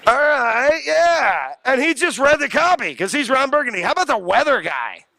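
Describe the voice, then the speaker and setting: A man's voice: very high voice, moderate pace, gravelly. A man lecturing a college class, joking and quizzing his students. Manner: animated, jokey, asks the class questions.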